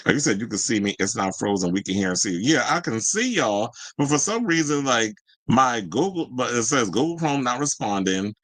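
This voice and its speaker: A man's voice: medium pitch, lively intonation, fairly quick, few pauses, fairly bright tone, dry recording. A man hosting a casual livestream who chats to his viewers, reads a news article aloud and comments on it in a chatty, easily irritated way. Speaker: livestream host.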